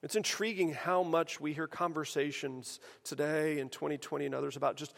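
A man's voice: on the high side, moderate pace, vocal fry, hardly any pauses. A man preaching a sermon in a conversational way, asking the room rhetorical questions. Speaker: pastor. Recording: long hall reverb.

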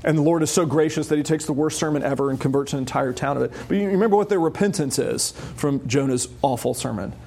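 A man preaching an expository sermon, emphatic, with wry asides and high urgent peaks on key points. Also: fast, gravelly, hardly any pauses, a little mellow. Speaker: pastor.

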